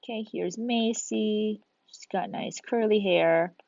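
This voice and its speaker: A woman's voice: mid-range voice, slow pace, vocal fry, darkish tone, no room sound, lo-fi sound. Encouraging woman teaching kids on video. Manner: encouraging, talks students through each step. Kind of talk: recorded video lesson for children.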